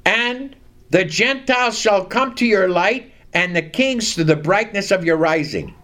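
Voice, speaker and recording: A man preaching a sermon, reading scripture aloud and leading the congregation to repeat lines after him, stressing key words deliberately. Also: sits high, a bit bright.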